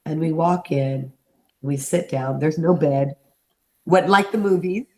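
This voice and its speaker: A middle-aged woman, an interview guest, telling a personal story in an animated way and acting out the voices she quotes. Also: low voice, measured pace.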